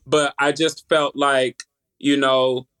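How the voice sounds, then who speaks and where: A man in his thirties with a Southern US accent, chatting as an interview guest, lively, with halting restarts and easy laughter. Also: mid-range voice, smooth. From United States. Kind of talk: casual interview chat.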